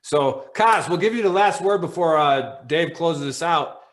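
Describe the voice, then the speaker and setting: A man's voice: on the high side, animated, unhurried. A man co-hosting a veterans podcast, telling stories in a blunt, profanity-heavy, casual way. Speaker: podcast co-host.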